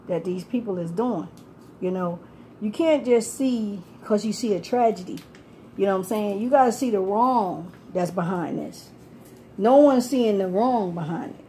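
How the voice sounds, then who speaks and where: A woman's voice: medium pitch, mellow, slight background noise. A woman, talking casually about her life on the street, rambling, laughing often and swearing freely. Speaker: homeless person telling her story.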